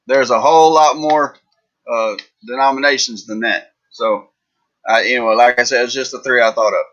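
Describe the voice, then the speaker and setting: A man's voice: mid-range voice, steady tone, normal speed, a bit bright, dull audio. A man hosting a livestream, telling jokes in a rambling, folksy way. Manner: rambling, folksy, lots of fillers. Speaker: livestream host. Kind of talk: casual live-chat joke telling.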